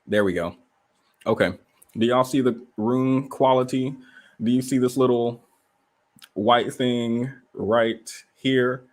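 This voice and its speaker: A man hosting a casual livestream from a rented room indoors, telling stories in an animated way and firing off rhetorical questions. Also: medium pitch, takes it slowly, pauses often. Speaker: livestream host.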